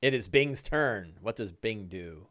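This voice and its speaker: A man's voice: fairly low pitch, unhurried. A man narrating as game master of a tabletop game, talking casually with many filler sounds. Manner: lively, casual, frequent uh fillers.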